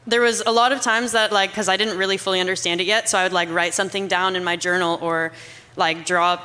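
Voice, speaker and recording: Bright-voiced young woman, rambling chat. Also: fairly low pitch, steady tone, fast, big-room sound. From Canada. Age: young adult. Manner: rambling, fills speech with "like". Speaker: guest. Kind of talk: casual testimony chat.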